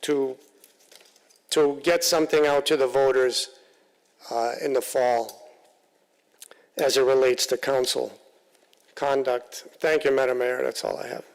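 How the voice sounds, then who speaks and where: A male council member giving halting, plain-spoken remarks at a council meeting, often repeating himself. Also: mid-range voice, fairly even intonation, creaky, in a large hall, poor audio. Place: council chamber.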